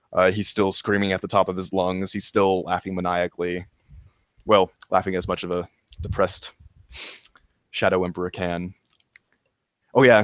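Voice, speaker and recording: A man with a fairly low voice eagerly recaps a show in casual podcast chat. He laughs often and trips over his words with ums and restarts. The sound is dry and close, with no room around it. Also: dry recording. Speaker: podcast co-host reviewing a show.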